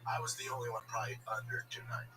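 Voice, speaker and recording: A man with a medium-pitched, racing voice guests on a podcast in casual chat, animatedly telling stories and acting out other people's voices. He's recorded on a distant mic with music playing behind.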